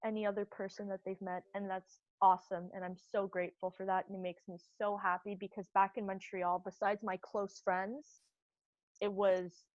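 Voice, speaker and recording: Young woman, mid pitch, dry slightly dull sound, enthusiastic casual talk. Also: level tone, normal speed, dry recording. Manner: enthusiastic, many fillers. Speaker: support group member. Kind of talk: casual group chat.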